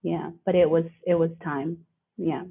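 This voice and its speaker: A woman's voice: low voice, a little slow, creaky, slightly rough. A woman guest speaking earnestly and reflectively in a conversational interview, often acting out what others said. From living in Australia. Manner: reflective, earnest, quotes others in lively voices. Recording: phone-like remote call audio.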